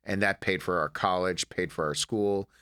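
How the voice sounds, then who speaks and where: Bright-voiced man, chatty storyteller. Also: sits low, moderate pace, clear, resonant tone. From Detroit, USA. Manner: animated storyteller, acts out his mother's lines. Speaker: comedian guest. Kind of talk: casual interview chat.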